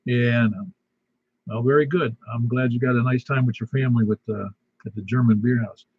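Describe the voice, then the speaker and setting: Over dull lo-fi radio audio, a man runs a casual amateur radio net as its host, his medium-pitched voice steady in tone, fairly quick, and edged with breathiness. A slight lisp comes from a missing tooth, and his announcements ramble folksily with plenty of fillers.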